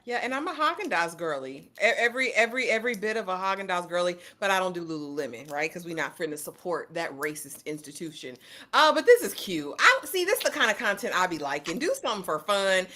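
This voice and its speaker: A woman hosting a podcast, chatting in a quick, joking, slangy way. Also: lowish voice, big pitch swings, bright, forceful tone. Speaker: podcast host. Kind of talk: casual chat.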